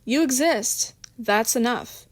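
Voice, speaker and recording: A woman's voice: on the high side, takes it slowly, dry recording. A woman reading a bossy, theatrical ringleader. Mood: commanding. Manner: theatrical, commanding.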